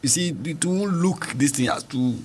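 A man's voice: fairly high pitch, normal speed, a little mellow. A man hosting a children's radio program, chatting with kids and reading and explaining scripture in a repetitive, teacherly way. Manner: chatty, teacherly, repeats words.

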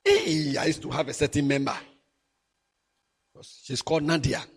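A middle-aged man with a Ghanaian accent, preaching a sermon as a pastor, animated and mixing English with Twi. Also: fairly high pitch, moderate pace, slightly rough.

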